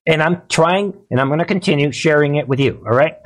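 A man's voice: on the high side, brisk. A man hosting a live-streamed political commentary show, talking in an agitated, repetitive, preachy way. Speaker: host of a political commentary channel.

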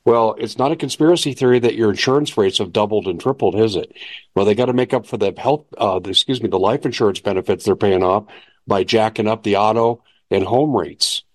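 Argumentative male host with a lowish voice, dry and close, pressing each point. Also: a little fast, no room sound. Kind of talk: political commentary.

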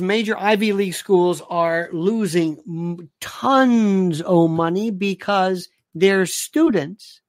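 A man hosting a commentary show, ranting casually with sarcasm, exasperation and rhetorical questions. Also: sits high. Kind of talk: casual political rant.

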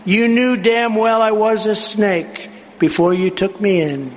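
A man's voice: high voice, fairly even intonation, measured pace, voice pushed up. A vicious sly snake, as a man reads him out. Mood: sneering. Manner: recited verse, sing-song refrain. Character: vicious sly male snake pleading to be let in. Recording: echoey hall with crowd noise.

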